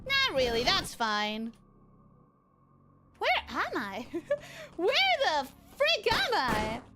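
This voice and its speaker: Very high-pitched excitable woman streamer. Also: extremely slow, loud music behind the voice. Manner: excitable, swears, repeats herself. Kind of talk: live gameplay commentary.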